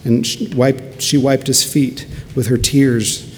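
A man's voice: medium pitch, steady tone, takes it slowly, a little mellow, a little hiss or hum. A man preaching a sermon earnestly, building to emphatic peaks. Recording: long hall reverb, faint ambience.

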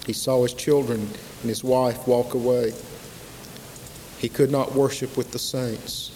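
A man preaching a sermon, slow and emphatic, with dramatic pauses and repetition. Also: medium pitch, flat delivery, warm tone. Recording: long hall reverb, faint hiss.

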